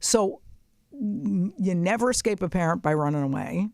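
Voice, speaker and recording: A woman's voice: on the low side, animated, moderate pace, gravelly, no echo, studio quality. Brash, profane woman podcast host. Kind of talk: casual advice chat.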